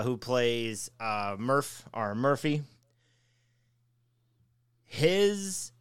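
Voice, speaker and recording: A man's voice: mid-range voice, clean tone, dry recording, studio quality. A man co-hosting a podcast, ranting with lots of swearing in casual chat. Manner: profane, ranting, animated. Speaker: podcast co-host.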